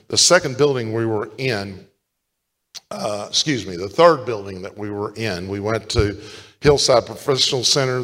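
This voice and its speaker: A male pastor delivers a sermon in a church, his mid-pitched voice ringing with a long hall echo. He jumps from loud, rising appeals to quiet, intimate storytelling. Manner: storytelling, swings between loud exhortation and hushed retelling.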